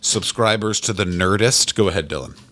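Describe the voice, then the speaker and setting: A man's voice: deep voice, a bit bright, dry recording. A man co-hosting a comedy podcast, riffing profanely in casual chat. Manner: profane, riffing, quick jokes. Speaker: podcast co-host.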